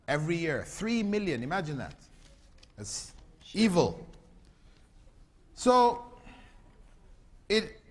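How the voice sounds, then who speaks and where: An Islamic lecturer with a high, fairly bright voice addresses a live audience, often quizzing listeners with repeated questions. A long hall reverb hangs on the recording.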